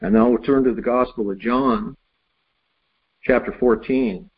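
A man delivers a sermon in a slightly husky voice, telling a homely story before reading scripture aloud. The recording is somewhat dull. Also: medium pitch, steady tone, a little slow. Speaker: preacher.

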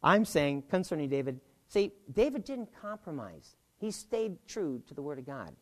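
Animated, punning Bible study teacher. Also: medium pitch, moderate pace. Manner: animated, joking asides and puns; repeats key points for emphasis.

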